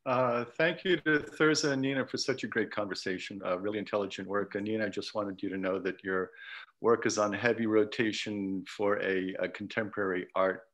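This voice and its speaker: A man's voice: fairly low pitch, steady tone, fairly quick, a bit bright. A man who teaches art history asks a question from the audience over a video call. He stumbles through many "uh"s and "um"s. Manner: hesitant, many "uh"s and "um"s. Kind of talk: asking a question at a panel.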